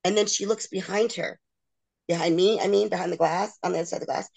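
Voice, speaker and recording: A woman's voice: on the low side, fairly even intonation, quick pace, vocal fry, darkish tone. Middle-aged woman guest, candid and emotional, acts out others' words as she tells her story. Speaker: interview guest.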